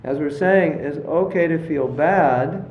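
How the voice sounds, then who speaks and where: Male spiritual teacher, relaxed storytelling lecture style, fairly high voice, recorded in a reverberant room. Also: slow. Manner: storytelling, acts out voices in his anecdotes. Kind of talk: casual lecture with jokes. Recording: roomy, slightly dull lecture recording.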